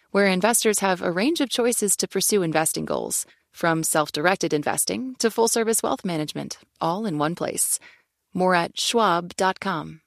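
A woman reads scripted sponsor credits for a public radio station in a crisp, measured announcer style. Her voice carries a gravelly edge, and the booth sound is dry and close. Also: medium pitch, no room sound.

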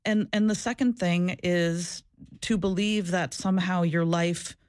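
Speaking at a fairly low pitch in a steady, a little slow, slightly mellow tone, a former social worker gives a candid, earnest interview. She reflects as she goes and keeps restarting and repeating herself; the studio sound is clean with no room sound.

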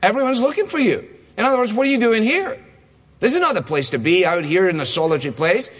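A man putting on excited, pushy disciples. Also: quick pace, breathy edge, heavily acted. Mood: urgent, excited. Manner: insistent, high-pitched, pressing. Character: excited male disciples urging Jesus back. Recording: long hall reverb.

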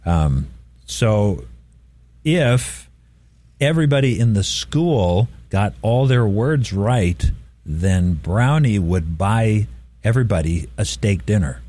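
A man's voice: on the low side, expressive, slow, warm tone. A middle-aged man hosting a radio show, telling an easygoing story in casual chat and chuckling often.

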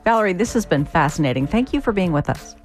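Lower-voiced middle-aged woman radio host. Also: expressive, soft background music. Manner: measured, conversational. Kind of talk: public radio interview.

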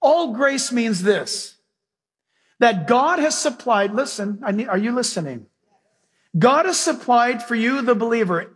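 High husky-voiced preacher guy, lively sermon, echoey church hall. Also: unhurried. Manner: animated preaching, acting out scenes, folksy asides. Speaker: pastor. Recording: hall reverb.

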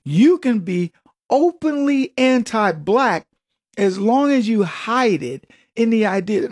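A man's voice: sits high, expressive, slow, a little mellow. A man hosting a radio talk show, delivering an emphatic, mocking political monologue and chuckling at his own jokes.

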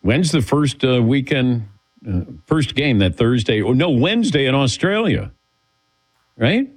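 A man's voice: medium pitch, big pitch swings, unhurried, poor audio. A man hosting a sports talk show, chatting casually and laughing often as he calls on his co-hosts. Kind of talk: casual radio show banter.

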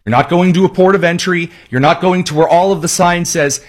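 Male talk host, sarcastic monologue, huskyish, raised pitch. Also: fairly even intonation, brisk, few pauses. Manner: sarcastic, mocking. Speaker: political talk show host. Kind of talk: opinion monologue.

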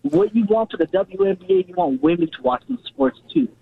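Male phone-in caller, husky with fry, lively intonation, phone-line sound. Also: very high-pitched, brisk. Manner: earnest, repetitive. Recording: tinny phone line, dry.

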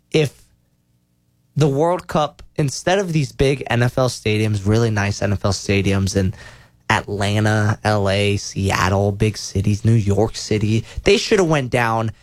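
A young man hosting a casual sports talk show, rambling, correcting himself and getting excited as he goes. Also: on the low side, no echo, studio quality. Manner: rambling, self-correcting, enthusiastic.

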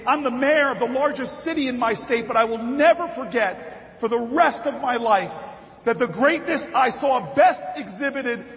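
A politician telling a story and building to rally cries in an impassioned campaign speech at a convention. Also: male voice, very high voice, normal speed, fairly bright tone. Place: large convention hall. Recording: reverberant hall, dull sound.

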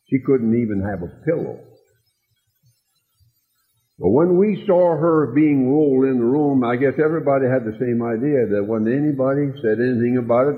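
A man preaching, telling a tender story slowly and dropping soft and low when he quotes people. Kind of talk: sermon storytelling. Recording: tinny lo-fi recording in a long-echo hall.

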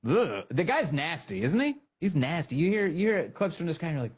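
Husky, mocking political show host. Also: male voice, fairly quick. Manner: mocking, animated, laughs often, high-pitched jabs. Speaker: podcast host.

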